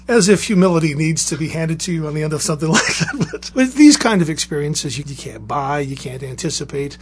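A man telling a lively anecdote with restarts, then reading a story aloud as a guest author. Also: on the high side, fast, few pauses, slight background noise.

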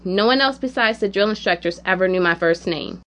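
A woman's voice: medium pitch, brisk, fairly bright tone. Woman telling a personal story. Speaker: narrator.

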